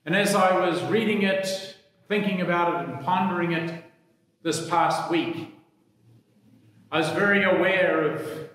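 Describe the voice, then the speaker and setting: A man, a priest, reading the gospel and preaching a sermon in a slow, measured, reflective way. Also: on the high side, fairly bright tone. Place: church. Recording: echoey church hall.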